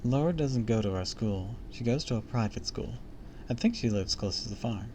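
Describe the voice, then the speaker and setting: A man's voice: on the low side, lively intonation, moderate pace, darkish tone, a little hiss or hum. A man streaming a live read-aloud of a book, breaking off into casual comments and jokes. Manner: chatty, comments and jokes between passages.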